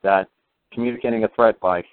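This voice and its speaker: A man's voice: fairly low pitch, steady tone, brisk, a little hiss or hum. A man telling a long story in a casual, rambling way, full of fillers and restarts. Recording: tinny phone line.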